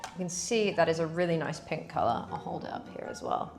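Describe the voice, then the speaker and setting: A woman's voice: low-pitched, expressive, brisk, gravelly, loud music behind the voice. A woman chatting casually to viewers as she bakes in a cooking vlog. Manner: chatty, talks to viewers while working. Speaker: cooking vlogger.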